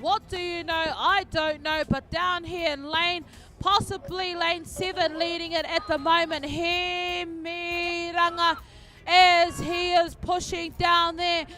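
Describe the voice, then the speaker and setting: A woman giving chatty, joking, excitable live commentary on a canoe race outdoors. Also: extremely high pitch, slow.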